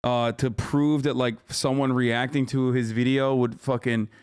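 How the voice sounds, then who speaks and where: A man's voice: medium pitch, level tone, a little slow, darkish tone, clear, resonant tone. A man in his thirties doing live-stream reaction commentary, ranting at his chat in a profane, combative way on a close streaming mic.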